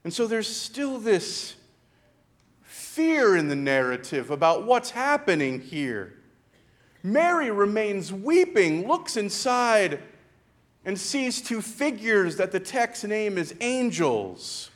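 Slow, high-voiced, expressive male preacher. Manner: slow and dramatic, with pauses and quiet, hushed retellings. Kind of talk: sermon.

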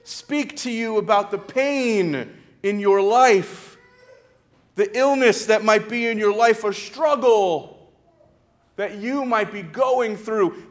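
A man preaching a sermon, retelling a story slowly and dramatically, with pauses and hushed passages. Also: high-pitched.

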